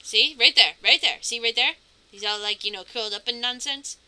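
A woman's voice: fairly high pitch, brisk, bright, forceful tone, poor audio. A woman commentating her game playthrough, chatty and narrating her moves, with nervous reactions. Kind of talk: let's play commentary.

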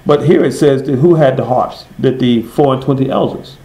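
A man leads a Bible study, quizzing his class and then answering his own questions. He slows right down to read verses, leaning on each word. His mid-pitched voice rings around an echoey room. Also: warm tone. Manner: reads verses slowly and stresses each word. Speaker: Bible teacher.

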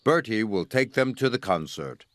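A man's voice: lowish voice, lively intonation, normal speed, no echo, lightly acted. A man reading a storybook and speaking as a stout, firm male railway boss in a matter-of-fact voice, over music. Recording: music playing behind.

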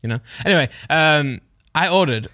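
A man's voice: on the high side, lively intonation, normal speed, pushed and bright, no room sound, clean studio sound. A young man co-hosting a podcast, chatting and telling stories with laughs and restarts. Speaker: podcast co-host. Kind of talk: casual chat.

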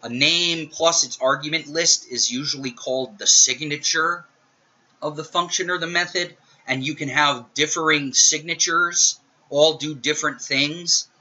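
A man's voice: a little high, steady tone, a little slow, pushed and bright. A middle-aged man teaching programming in a recorded screencast lecture, casual and joking as he talks through his code. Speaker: programming instructor. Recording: dull lo-fi audio.

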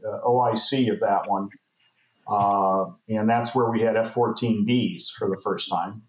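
A man in his sixties, a podcast guest who tells rambling anecdotes, full of fillers. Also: mid-range voice. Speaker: guest, former Navy flight officer. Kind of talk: casual storytelling chat. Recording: roomy, dull remote audio.

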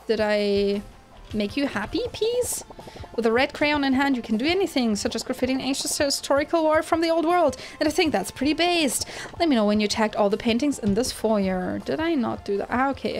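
A woman hosting a gaming channel, giving excitable let's-play commentary with lots of exclamations. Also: a little high, moderate pace. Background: game music.

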